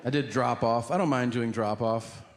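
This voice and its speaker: A middle-aged man with a medium-pitched voice performs stand-up at a comedy venue, speaking at a normal speed. He tells lively stories and plays both parts of every conversation himself. The live hall recording picks up the audience noise.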